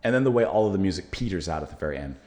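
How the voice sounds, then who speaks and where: A man's voice: sits low, lively intonation, very fast, mellow. Chatty American man reacting to music. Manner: musing, thinks aloud with many fillers. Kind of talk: casual music reaction and review.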